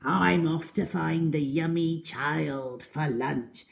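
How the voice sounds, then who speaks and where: A woman voicing a greedy, scheming male crocodile with a slow, sly delivery. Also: deep voice, vocal fry, full character voice.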